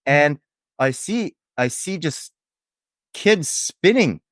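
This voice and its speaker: Comedic bystander played by a man, rattled and swearing, high-pitched voice, repeats himself. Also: lively intonation, takes it slowly, a bit bright, no echo, clean studio sound. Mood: rambling. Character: shocked foul-mouthed male neighbor witness. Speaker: podcast co-host. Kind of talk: improvised comedy sketch.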